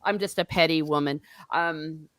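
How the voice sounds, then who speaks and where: A woman's voice: low-pitched, steady tone, moderate pace, fairly bright tone, no room sound, clean studio sound. A woman hosting a casual book discussion livestream, chatty and laughing at herself. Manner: chatty, laughing, self-mocking. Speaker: host.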